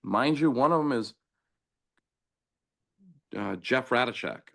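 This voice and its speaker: A man's voice: medium pitch, slow, creaky. A middle-aged man from Southern California, a former pro soccer player, telling stories in a casual interview and acting out the dialogue. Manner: animated anecdotes, acting out quoted dialogue. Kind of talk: casual storytelling.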